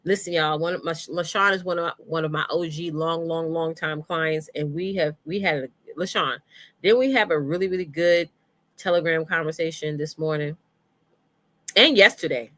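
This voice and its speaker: A woman's voice: low voice, moderate pace, fairly bright tone. A woman hosting a casual live stream on email marketing, chatty and familiar, greeting viewers by name and calling them y'all and sis.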